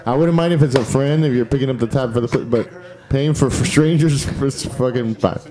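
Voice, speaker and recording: A man's voice: medium pitch, brisk, warm tone. A man with an ordinary, mid-range voice trades crude banter in casual chat. He interrupts often with jokes and blunt remarks.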